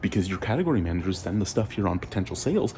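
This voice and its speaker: Guy, deep and gravelly, dark tone, swearing rant vlog. Good for a fed-up working man. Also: very animated, rapid-fire, slight background noise. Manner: ranting, swears freely, rising to near-shouting. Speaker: vlogger and store worker. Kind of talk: frustrated venting monologue.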